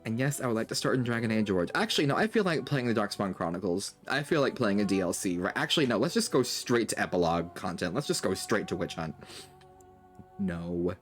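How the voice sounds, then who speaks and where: A man's voice: lowish voice, expressive, fast, soft background music. A man hosting a let's play of a video game, chatting casually in a rambling, self-deprecating, jokey way. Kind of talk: casual gameplay commentary.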